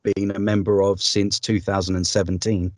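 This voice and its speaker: Male voice-over artist; lower voice, dry close sound, chatty and upbeat. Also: flat delivery, normal speed, a little mellow, no room sound. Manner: chatty, upbeat, with frequent ums and laughs. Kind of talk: casual interview conversation.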